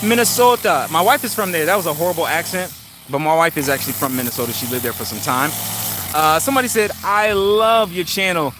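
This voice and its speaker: A man's voice: a little high, expressive, quick pace. Chatty middle-aged man streaming outdoors. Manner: easygoing, rambling with many fillers, greets viewers. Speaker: channel host. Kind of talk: casual live-stream chat. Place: outdoors in a yard. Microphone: handheld phone. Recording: outdoor traffic and engine noise.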